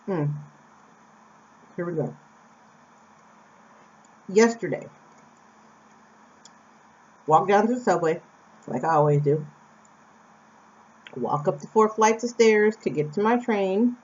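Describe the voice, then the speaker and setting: A woman's voice: medium pitch, animated, takes it slowly, pauses often, darkish tone. A young American woman from Phoenix, telling a personal story in a chatty, casual way with asides to the viewer. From Phoenix, Arizona, USA. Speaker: vlogger. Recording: slightly dull lo-fi recording.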